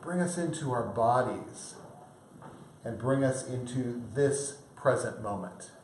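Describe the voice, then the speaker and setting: Slow, calm man leading a Buddhist service. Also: mid-range voice. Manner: calm, measured explanation. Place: meditation room at a Buddhist center. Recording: echoey room, faint background hiss.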